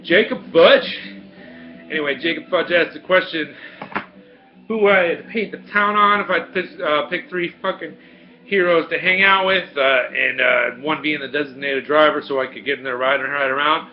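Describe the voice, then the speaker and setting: Profane, animated man in his forties. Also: on the high side, moderate pace, dull audio, faint music behind. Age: 40s. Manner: profane and animated, laughs often. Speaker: video Q&A host. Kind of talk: casual storytelling, answering viewer questions.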